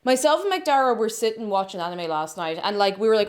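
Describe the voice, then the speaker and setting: An excitable young woman, greeting her chat in a gushing, sing-song way on a live stream. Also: mid-range voice, quick pace. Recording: music playing behind.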